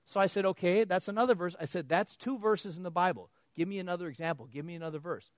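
A man preaches a sermon in a high-sitting, fast voice with no echo. He tells stories animatedly, laughing and acting out both sides of conversations.

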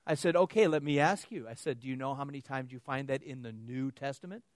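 Talking fast at a medium pitch with no echo, a preacher delivers his sermon through animated storytelling. Laughter punctuates it, and he acts out the dialogue on both sides.

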